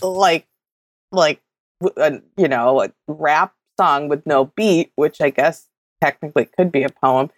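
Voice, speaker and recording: A woman's voice: low-pitched, a little slow, no room sound, studio quality. A woman co-hosting a podcast, recapping a reality show in casual chat, rambling and stammering as she acts out quotes. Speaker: podcast co-host.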